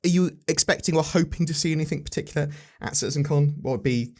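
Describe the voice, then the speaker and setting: A man's voice: fairly high pitch, fast. Guy chatting about game news, rambly, keeps asking his co-host stuff.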